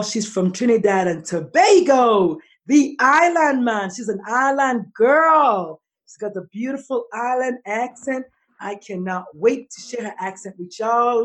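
A woman hosting a podcast, speaking with warm emphasis and plenty of repetition. She piles up phrases to drive her point home. Her pitch sits in the usual middle range. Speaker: podcast host, pediatrician.

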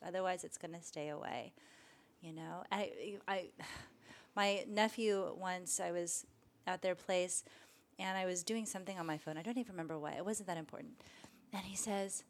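Gentle, thoughtful woman guest. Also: medium pitch, normal speed. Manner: gentle, thoughtful, animated when telling stories. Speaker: meditation teacher, guest. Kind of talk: conversational interview.

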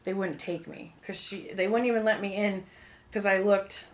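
A woman's voice: medium pitch, normal speed. A young woman casually telling a personal testimony, full of fillers and acted-out quotes. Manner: fillers like "um" and "like", animated quoting. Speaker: guest sharing testimony. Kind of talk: casual storytelling.

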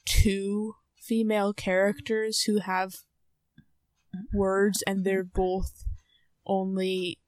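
A young adult woman co-hosting a podcast, chatting casually with lots of fillers and drawn-out phrases. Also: mid-range voice, level tone, darkish tone, dry recording. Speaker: podcast co-host.

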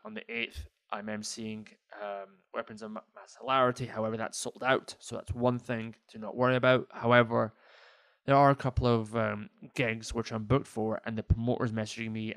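A man's voice: on the low side, dry recording. A man who is a stand-up comedian and hosts a podcast, chatting alone in a rambling, self-deprecating way with many fillers. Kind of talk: casual solo podcast monologue. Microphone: podcast mic.

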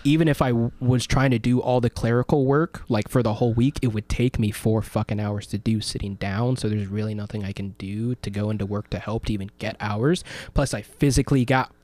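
A man co-hosting a casual radio talk show, telling an animated story full of swearing, shouting out the dramatic parts. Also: lowish voice, brisk, hardly any pauses, dry recording. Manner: animated, swearing, acts out his own yelling in the story.

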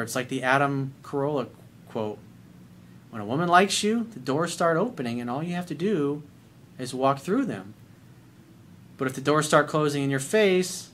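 A middle-aged man giving blunt, profane dating advice in an animated monologue. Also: a little high. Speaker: dating coach.

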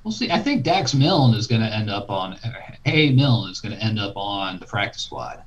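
Man, animated pitch, laid-back, hedging, casual sports chat, muffled lo-fi audio. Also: moderate pace. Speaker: podcast co-host. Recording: dull lo-fi sound.

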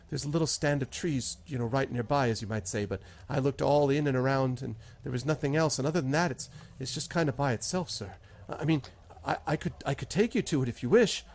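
A man's voice: medium pitch, gravelly, a little mellow. A man doing a stammering, grief-struck farmer. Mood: grieving. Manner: stammering, repeats words, rural grammar. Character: grieving stammering male farmer, humble, desperate.

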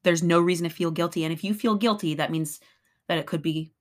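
Brief: middle-aged woman co-host, earnest and emphatic, lowish voice, casual chat. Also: quick pace. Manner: earnest, emphatic, laughs often. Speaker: podcast co-host.

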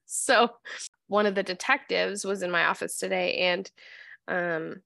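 A woman co-hosting a casual podcast chat, an animated storyteller who acts out the voices of the people in her stories. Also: mid-range voice, unhurried, gravelly, no echo, studio quality. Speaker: podcast co-host.

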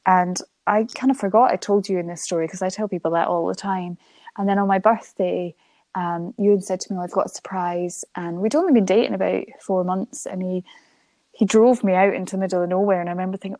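A woman's voice: mid-range voice, fairly even intonation, fairly quick, darkish tone, no room sound. Young woman gabbing about her life, laughs a lot, acts out quotes, dead dry sound. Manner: chatty storyteller, laughs often, acts out quotes. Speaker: guest. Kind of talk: emotional interview conversation.

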